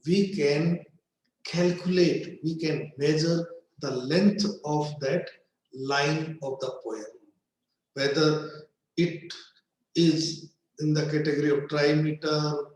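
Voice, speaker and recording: A man delivers a literature lecture at an unhurried pace, weighing each phrase and pausing often. His voice sits a little high for a man. The recording rings with heavy room echo. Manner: slow, deliberate, pausing between phrases. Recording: very echoey room.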